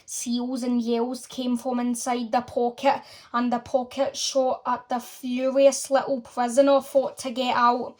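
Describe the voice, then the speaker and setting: A woman reads a children's novel aloud with expressive storytelling. Her voice is high and lively, keeping a clear storybook flow. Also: a little slow, hardly any pauses. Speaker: reader.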